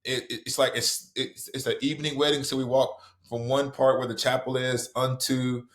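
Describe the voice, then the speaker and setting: A middle-aged man from the American South with a Southern accent, an author guest telling a story in conversation, lively and full of restarts. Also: medium pitch. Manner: animated, quick storytelling with many restarts.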